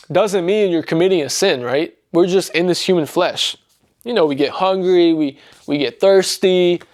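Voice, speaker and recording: A man's voice: fairly high pitch, a little mellow. A young man giving an earnest, casual spoken testimony about his faith, talking straight to his viewers with words like bro and man. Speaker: faith vlogger.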